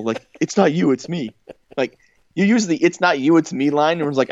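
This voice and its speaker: A man's voice: fairly high pitch, animated, normal speed, darkish tone, no echo. A man co-hosting a casual podcast chat, joking, laughing often and making sarcastic asides. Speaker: podcast co-host. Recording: dull lo-fi dry sound.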